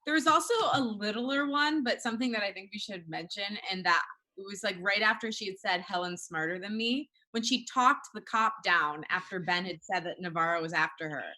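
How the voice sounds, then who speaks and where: A woman's voice: medium pitch, a little fast. A woman hosting a casual TV aftershow, eagerly leading the group through favorite moments. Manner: bright, eager, leads the discussion. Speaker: aftershow host. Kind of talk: casual TV recap chat.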